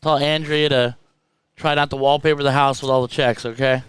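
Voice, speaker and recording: A man's voice: mid-range voice, level tone, a little fast, a bit bright, smooth, no echo. A man hosting a darts stream, giving casual commentary full of teasing banter. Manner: teasing, banter-heavy, laughs at his own jokes.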